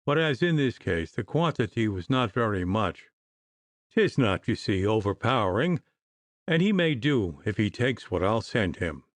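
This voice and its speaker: A man's voice: fairly low pitch, very animated, unhurried, no room sound. A man reading the part of an irritable, sneering male doctor who scolds with biting scorn. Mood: lecturing.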